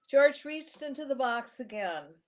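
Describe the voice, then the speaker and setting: A woman's voice: sits high, lively intonation, measured pace, a little hiss or hum. Heartfelt woman reading a story aloud. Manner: emotional, heartfelt. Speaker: show host. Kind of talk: storytelling narration.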